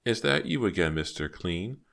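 A man's voice: low voice, sing-song, gravelly, voice pushed up, full character voice. A man voicing a sly, frail old lady. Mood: genteel, teasing. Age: older. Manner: slow, sweetly sharp drawl.

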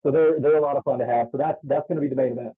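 A man's voice: medium pitch, steady tone, racing, husky. Guy phoning in about a wrestling show, keeps restarting his words, thin phone sound. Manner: hesitant, repeats words. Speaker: wrestling promoter guest. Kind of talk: phone-in interview. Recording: tinny phone line.

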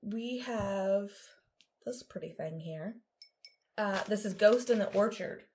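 A woman co-hosting a casual podcast with her mother, chatty and quick to laugh while she sets up a true crime story. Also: medium pitch, darkish tone, a little hiss or hum. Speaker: podcast co-host; daughter of co-host, telling a true crime story. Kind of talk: casual chat.

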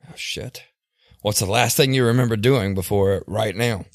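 A man playing a tabletop game, joking around and quick to laugh. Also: fairly low pitch, no echo, clean studio sound. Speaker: player. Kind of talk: casual tabletop game banter.

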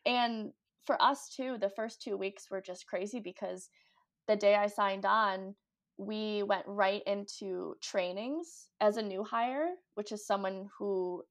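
A woman's voice: mid-range voice, slow pace. A young woman, a guest on a talk show, chatting casually and upbeat with lots of "like" and fillers. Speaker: guest, cruise ship ice skater. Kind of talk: casual interview chat.

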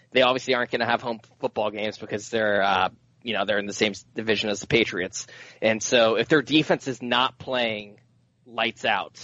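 A man on a sports podcast panel, breaking down a game in a measured, analytical way. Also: medium pitch, a bit bright, dry recording, dull audio.

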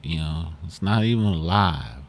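A man's voice: deep voice, animated, normal speed. A man storyteller voicing a stubborn, hungry young boy who talks in a whiny, insistent way.

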